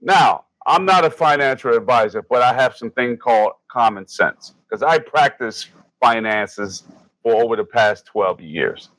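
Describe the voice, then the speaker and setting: A man's voice: mid-range voice, fairly bright tone, no echo, rough recording. A man in his forties co-hosting a sports podcast, ranting in an angry, profane, emphatic way. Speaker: podcast co-host. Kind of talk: heated sports podcast rant.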